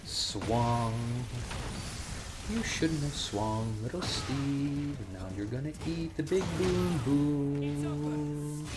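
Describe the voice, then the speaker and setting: A man putting on the voice of a cold, smug female assassin who drawls her threats slowly. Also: fairly high pitch, over music, pitched above the performer's own voice. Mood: menacing.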